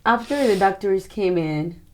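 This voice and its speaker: A woman hosting a talk show interview, speaking quietly in brief supportive prompts. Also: medium pitch, lively intonation, measured pace. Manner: quiet, brief murmured affirmations.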